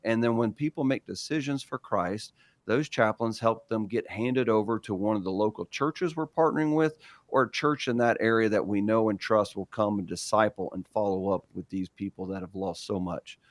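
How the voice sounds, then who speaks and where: A man's voice: lowish voice, normal speed, no room sound. A man being interviewed on the radio, explaining relief work earnestly with frequent fillers. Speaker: relief organization executive. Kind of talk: conversational interview.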